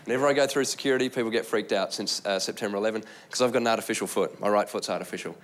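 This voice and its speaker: A man doing a stand-up comedy set, telling stories in an animated way and dropping into silly voices and mock languages. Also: lowish voice, very fast. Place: live comedy stage.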